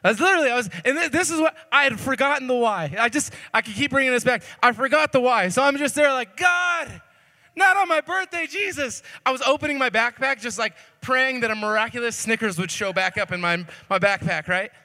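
A young man preaching a sermon through a funny story, animated and jokey, swinging between loud and hushed. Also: very high voice, quick pace, hardly any pauses. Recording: long reverb of a hall.

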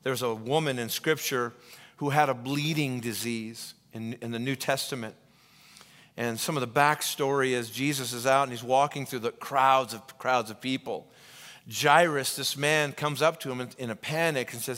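A male pastor preaching a sermon, retelling scripture stories with lively energy and many restarts and repetitions. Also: medium pitch, normal speed. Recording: long reverb of a large hall.

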